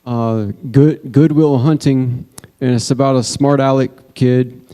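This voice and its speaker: A man's voice: mid-range voice, fairly even intonation, a little slow, warm tone, clear, resonant tone, big-room sound. A man in a meditation class casually retelling a movie scene to the teacher, a bit hesitant. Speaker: student asking a question.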